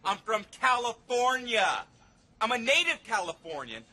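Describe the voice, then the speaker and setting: A man's voice: extremely high pitch, sing-song, a little slow, bright, forceful tone, full character voice. A man playing a professional quarterback who keeps insisting he is not from Boston, growing more exasperated, in a comedy sketch. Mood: fed up. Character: male pro quarterback mistaken for a Bostonian, exasperated.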